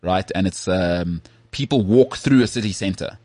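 A man from South Africa co-hosting a podcast, telling rambling, animated stories in casual chat. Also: sits low, normal speed, dry recording. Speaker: podcast co-host. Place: Cape Town.

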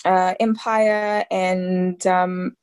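A woman's voice: on the low side, little pitch movement, drawn-out words, a little mellow, smooth. A woman in her thirties from South Africa, an actress talking casually in an interview, rambling and full of fillers. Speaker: actress guest.

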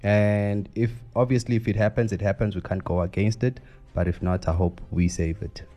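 A man's voice: on the low side, fairly even intonation, normal speed, dark tone. A man co-hosting a Christian talk show, chatting in an easygoing way. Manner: easygoing, laughs often. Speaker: co-host.

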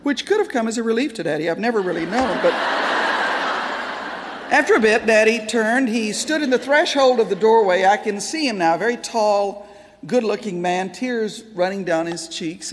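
A woman's voice: medium pitch, animated, moderate pace. Woman speaker telling a story, laughing asides, echoey big hall. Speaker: Christian speaker and author. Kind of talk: storytelling talk.

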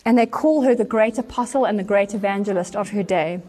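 A woman's voice: mid-range voice, a little fast. Earnest woman preaching a story sermon. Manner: earnest, animated retelling with quoted voices. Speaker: church speaker.

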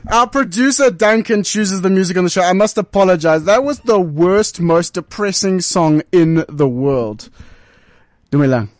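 A man's voice: high voice, animated, moderate pace, hardly any pauses, no echo. A man co-hosting a radio talk show, teasing and jokey. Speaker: radio co-host.

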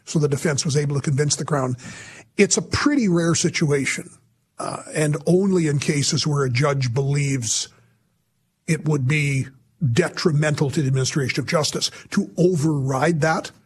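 A male radio host with a somewhat high, husky voice delivers pointed commentary. His tone is sarcastic and emphatic, and he punches key words with sudden rises in pitch. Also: moderate pace. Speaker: radio talk show host.

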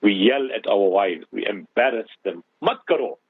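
A man's voice: fairly low pitch, animated, moderate pace, breathy edge, no echo. A male radio host giving religious advice to callers and listeners, preaching with rhetorical questions. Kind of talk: radio Islamic advice talk. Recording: tinny phone-line sound, dry.

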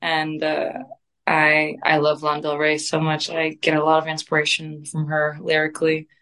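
A woman's voice: low-pitched, completely flat delivery, normal speed, a bit bright. A young woman, a guest musician, talking casually in an interview, rambling dreamily and laughing easily.

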